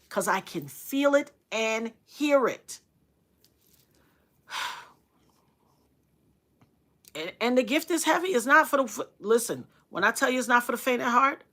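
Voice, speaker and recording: A middle-aged woman telling a story on a livestream, earnest and dramatic, repeating phrases for emphasis and acting out what others said in sudden loud, high bursts. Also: expressive, moderate pace.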